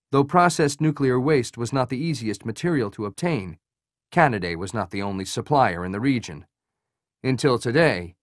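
A man reading a thriller audiobook as its narrator, in an even, measured way. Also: medium pitch, dry recording, clean studio sound.

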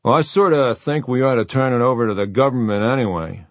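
A man's voice: mid-range voice, fairly quick, no room sound, pitched above the performer's own voice, natural voice. Man doing a timid mumbling man. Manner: hesitant, trailing off, many fillers. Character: timid unsure man trailing off.

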